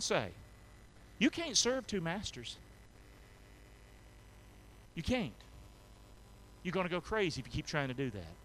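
A male pastor preaching a sermon in a church, drawing call-and-response from the congregation and swinging from soft asides to shouted emphasis. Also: fairly high pitch, a little hiss or hum. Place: church sanctuary.

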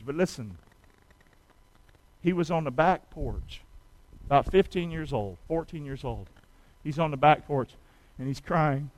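A folksy middle-aged American preacher with a high voice, leading call-and-response lines. The sound is close and dry with no room echo, and he moves between storytelling and rallying his listeners. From United States. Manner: folksy, storytelling, calls on the congregation to repeat after him.

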